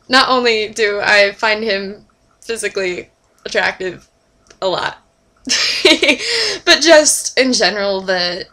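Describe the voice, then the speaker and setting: A young woman chatting casually to her camera as a fan, gushing and animated, dropping to whispers and jumping to squeals. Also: mid-range voice. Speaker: vlogger.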